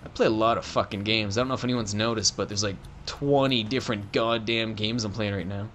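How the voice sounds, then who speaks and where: A man's voice: fairly low pitch, steady tone, a little fast, a bit bright, faint music behind. A young man doing profane, joking let's play commentary on a game. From Canada. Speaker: gaming commentator.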